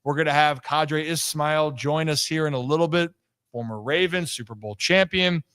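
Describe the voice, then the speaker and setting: Bright-voiced energetic sports talk host. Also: male voice, on the high side, moderate pace, clear, resonant tone. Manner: energetic, animated, teasing. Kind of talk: casual sports talk show.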